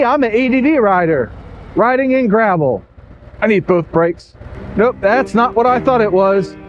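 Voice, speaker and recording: A man's voice: high-pitched, dull audio. Chatty man riding a motorcycle. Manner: rambling, self-mocking, chatty. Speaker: motovlogger. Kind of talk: casual riding vlog. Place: outdoors on a motorcycle on rural roads.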